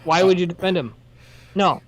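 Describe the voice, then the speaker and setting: A podcast co-host whose voice sits at an ordinary middle pitch, launching into heated, swear-filled rants during a casual chat. The rants often trail off into apologies. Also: moderate pace. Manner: profane, heated ranting. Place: workplace.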